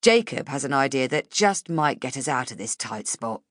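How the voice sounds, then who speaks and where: Lady reading a no-nonsense boss guy, low and dry, kinda impatient. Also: big pitch swings, normal speed, no room sound. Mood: brisk. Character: brisk middle-aged male newspaper editor, impatient.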